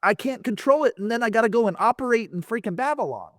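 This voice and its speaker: A man's voice: very high-pitched, lively intonation, fast, dry recording, studio quality. A man in casual chat, speaking emphatically and insistently about his beliefs.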